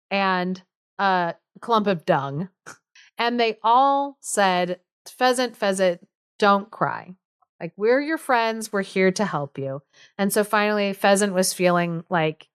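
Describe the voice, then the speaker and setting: Woman co-host, casual storyteller, chatty and amused; smooth, clear voice, dry sound. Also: mid-range voice, no room sound. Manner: chatty, amused, lots of fillers.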